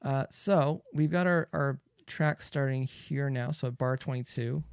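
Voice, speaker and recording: A man's voice: mid-range voice, measured pace, vocal fry, clear, resonant tone. A man hosting a live mixing tutorial, talking casually into a close studio microphone and explaining each step as he goes, with plenty of fillers. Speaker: mixing engineer host.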